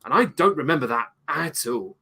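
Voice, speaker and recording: A man's voice: fairly high pitch, lively intonation, moderate pace, gravelly, pushed and bright, husky. A British man co-hosting a casual movie review, speaking thoughtfully and rambling with many restarts. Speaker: co-host, film reviewer.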